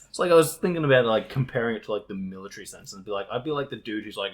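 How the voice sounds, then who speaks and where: A man co-hosting a podcast in casual chat, animated and swearing often as he acts out his own exasperated thoughts. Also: lowish voice, quick pace. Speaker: podcast co-host.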